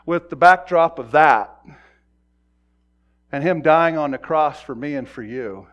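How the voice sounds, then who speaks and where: Middle-aged guy preaching, chatty, acts out voices, gets quiet then loud, kinda high voice. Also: a little slow, highs cut off. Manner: conversational preaching, acts out quoted voices, swings from soft to loud. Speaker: pastor. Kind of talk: sermon.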